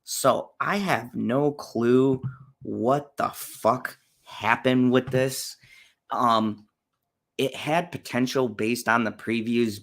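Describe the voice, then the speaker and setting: A man's voice: medium pitch, fairly bright tone. A man hosting a casual movie-review chat, ranting bluntly and profanely with frequent fillers and restarts. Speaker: channel host reviewing movies.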